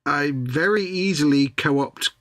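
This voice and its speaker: A man with a slightly high, somewhat bright voice speaks slowly with no room sound. Co-hosting a live model-making stream, he rambles casually, restarts often and reads out viewers' comments.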